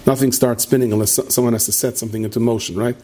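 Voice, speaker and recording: A rabbi giving a talk, this man has a mellow, mid-range voice with a steady tone and a racing pace. His sermon to the audience meanders, full of restarts and frequent "right?" questions.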